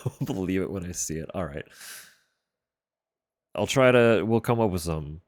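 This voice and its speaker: A man streamer chatting casually from a room at home, keeping his voice level and low and swearing offhandedly. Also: expressive, moderate pace, no room sound, studio quality. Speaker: livestreamer. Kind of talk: casual chat on a live stream. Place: room at home sharing a wall with a neighbor's bedroom.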